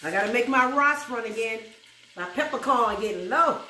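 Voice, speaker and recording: A woman's voice: fairly high pitch, expressive, moderate pace, bright, forceful tone, far from the mic, a little hiss or hum. Chatty New York woman cooking. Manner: chatty, laughs often, breaks into song. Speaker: cooking show host. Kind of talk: casual cooking chat with bursts of gospel singing. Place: home kitchen with food frying. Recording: roomy kitchen audio from off-mic.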